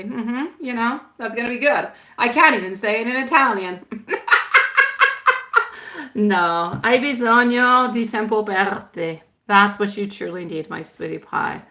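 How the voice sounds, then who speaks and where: A woman hosting a live tarot stream, chatting warmly with viewers and mixing in Italian words and pet names. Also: medium pitch, takes it slowly. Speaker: tarot reader.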